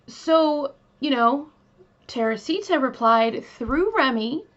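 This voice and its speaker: Chatty woman doing true crime, slow talker, lots of "you know", kinda muffled lo-fi audio. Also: sits high, lively intonation. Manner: chatty, many fillers, talks to listeners directly. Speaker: true crime podcast host. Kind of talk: casual storytelling. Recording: slightly dull lo-fi recording.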